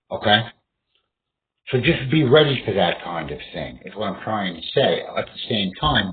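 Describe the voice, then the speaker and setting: A man giving rambling, profane instruction on fighting techniques, often acting out an opponent's startled outbursts. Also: mid-range voice. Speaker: martial arts instructor. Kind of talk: rambling casual instruction to camera. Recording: tinny phone-like sound with faint noise.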